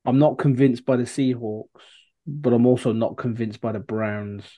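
A man's voice: medium pitch, fairly even intonation, moderate pace, warm tone, no room sound. A man co-hosting a sports podcast, hesitant and thinking aloud with many fillers. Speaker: podcast co-host. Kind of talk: casual sports chat.

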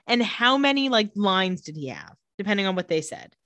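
A chatty woman recaps a TV episode on a podcast, slipping into quick voices for the characters. The recording is dry and close. Her pitch sits mid-range for a woman. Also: dry recording. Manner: lively storytelling, acting out lines in quick voices. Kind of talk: casual chat.

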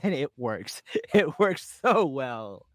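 A chatty, upbeat man co-hosting a casual podcast, his voice sitting at an ordinary middle pitch. He often doubles his words as he talks. The sound is close and dry, with no room echo. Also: sing-song, takes it slowly. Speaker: podcast co-host. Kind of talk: casual chat recapping a reality show.

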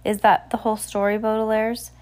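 A woman reading aloud and voicing a genial older male island leader who speaks cordially with gentle authority. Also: a little high, flat delivery, a little fast, pitched above the performer's own voice, natural voice. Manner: cordial, smooth, gently commanding.

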